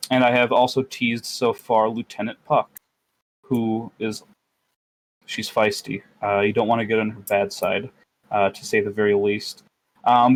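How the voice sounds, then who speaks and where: A man's voice: lowish voice, low-quality recording. A man co-hosting a podcast as game master, chatting casually, rambling and joking with plenty of fillers. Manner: rambling, jokey, lots of fillers.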